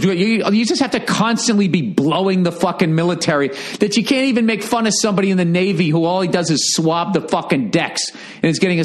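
A stand-up comedian telling a profane anecdote, ranting indignantly with heavy swearing. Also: male voice, sits high.

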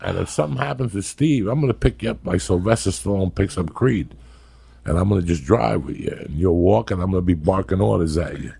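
A man's voice: sits low, fairly quick, vocal fry, mellow, slightly rough. A middle-aged man, a podcast guest, telling profane rambling stories in casual comedic chat.

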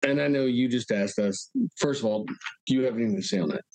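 A man's voice: medium pitch, fast talker, a little mellow, no room sound, poor audio. A man speaking as an interview guest in casual talk, earnest, often repeating words as he goes. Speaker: guest, local resident.

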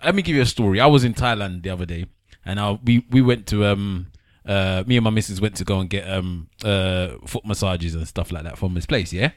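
A man telling an animated story in casual chat, pitching his voice up to act out the people in it. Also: a little fast, no room sound, studio quality. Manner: animated storyteller, voice jumps up when acting out others.

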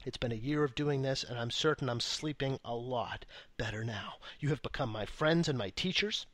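A man's voice: medium pitch, normal speed, a bit bright, no room sound. A man co-hosting a podcast, reading listener letters aloud in a wry, profane, mock-reverent casual chat. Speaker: podcast co-host.

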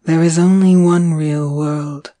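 A woman reading the part of a devoted young man, speaking gently and soothingly to his beloved. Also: sits low, fairly even intonation, takes it slowly, no room sound. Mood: tender. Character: tender young man, devoted lover, calm.

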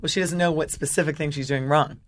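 A man hosting a podcast, jumping in with excitable questions and remarks in a casual chat. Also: on the high side, fast talker, a little hiss or hum. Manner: animated, excitable interjections. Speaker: podcast host.

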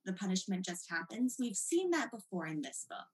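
Woman, teacher, lecture, expressive reading, dramatic emphasis, mid pitch. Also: moderate pace, poor audio. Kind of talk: recorded lecture.

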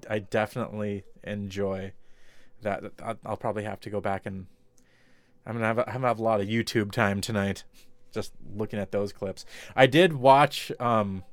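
A man's voice: on the low side, clean tone, no echo. A man co-hosting a podcast, rambling in casual chat with many fillers and restarts. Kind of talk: casual chat about TV shows.

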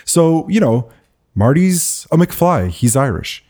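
A man's voice: on the high side, sing-song, takes it slowly, mellow. A man co-hosting a casual film discussion, chatty and enthusiastic, laughing often. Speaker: podcast co-host.

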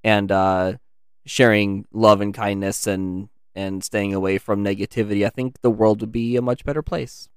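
A man's voice: on the low side, level tone, moderate pace, clear, resonant tone, no echo, studio quality. A man co-hosting a podcast, narrating a storybook tale and chatting in an easygoing, rambling way. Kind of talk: storybook narration and casual chat.

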